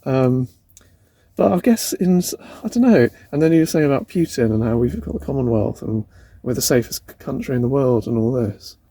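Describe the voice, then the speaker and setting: A young van life vlogger chats casually, rambling and tentative, laughing at himself as he talks, both outdoors in a city and inside his van. His medium-pitched voice is animated, brisk, and mellow with a breathy edge, and there's no room sound.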